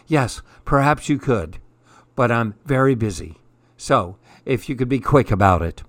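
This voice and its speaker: A man voicing a fussy, self-important male pigeon who talks in a brisk, huffy, impatient way. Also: medium pitch, lively intonation, dry recording, natural voice.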